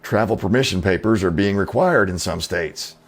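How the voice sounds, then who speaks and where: A middle-aged man hosts his own channel, offering opinionated commentary in a fairly low voice at a moderate pace. His style is folksy and skeptical, sprinkled with rhetorical questions and casual fillers.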